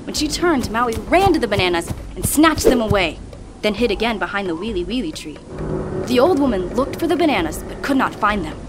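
A woman reading a legend aloud in a measured, expressive way. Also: mid-range voice. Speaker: storyteller. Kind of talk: read-aloud legend narration. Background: music.

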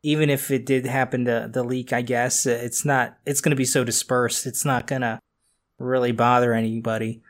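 A man's voice: mid-range voice, level tone, normal speed. A man co-hosting a podcast, chatting in a loose, joking way and laughing often. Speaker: podcast co-host. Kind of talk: casual chat.

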